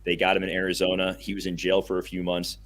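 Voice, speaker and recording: A young man co-hosting a casual podcast, chatting enthusiastically and rambling a little, quick to laugh. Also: deep voice, completely flat delivery, a bit bright. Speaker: podcast co-host.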